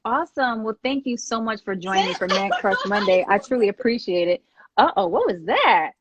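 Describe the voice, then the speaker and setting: A woman's voice: mid-range voice, animated, a little fast, highs cut off, background noise. A woman hosting a casual live-stream chat, bubbly and laughing often.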